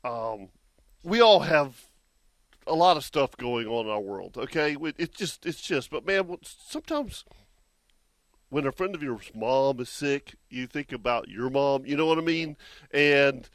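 A man hosting a radio fishing show, telling stories in a lively way, laughing often and repeating his words. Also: medium pitch, measured pace, no room sound. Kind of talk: casual chat.

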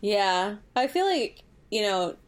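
A woman's voice: medium pitch, big pitch swings, slow pace. A woman in casual conversation, walking through the plot with a bouncy voice that rises and falls a lot. She talks in a chatty, playful way, throwing in jokey asides as she recaps. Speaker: podcast co-host recapping a TV episode. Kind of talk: casual chat.

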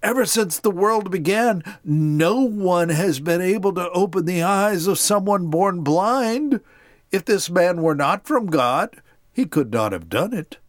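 A man's voice: sits high, expressive, measured pace, no room sound, pitched above the performer's own voice. A man voicing a plain-spoken, stubborn man who was once blind, giving insistent testimony in a dry-sounding recording.

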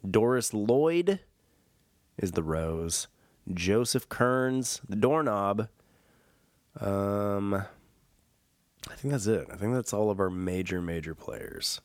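A man's voice: fairly low pitch, expressive, takes it slowly, long pauses, dry recording, clean studio sound. A man hosting a podcast in a casual, rambling way, full of fillers and self-mocking jokes. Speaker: podcast host. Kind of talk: casual solo podcast chat.

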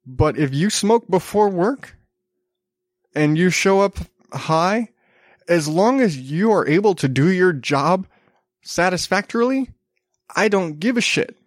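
A man in his thirties with a slightly high voice hosts a casual podcast on his own, rambling through news stories with wry asides and small restarts. He sounds a little under the weather. The recording is dry and close, with no room sound. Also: expressive, a little slow, long pauses, no room sound. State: slightly sick, coughing. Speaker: podcast host.

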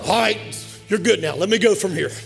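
Male pastor, very high-pitched, fervent sermon with call-and-response and shouted peaks, faint music behind. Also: fairly quick, creaky. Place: church sanctuary.

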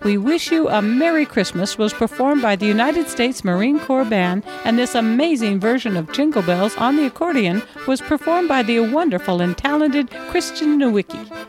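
A woman hosting a podcast, reading the closing credits and links in an upbeat way. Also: a little high. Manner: upbeat, reads through a list of credits and links. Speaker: podcast host. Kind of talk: scripted podcast outro. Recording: music playing underneath.

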